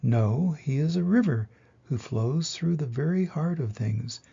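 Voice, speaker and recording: A man's voice: fairly high pitch, animated, gravelly, dark tone, slightly rough, muffled recording, heavily acted. Man reading as a thundering waterfall. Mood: insistent. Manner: slow, solemn storybook reading.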